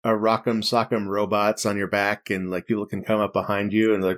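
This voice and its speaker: A man's voice: on the low side, level tone, fairly quick. A man hosting a podcast, chatting casually and chuckling often. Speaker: podcast host. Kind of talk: casual chat.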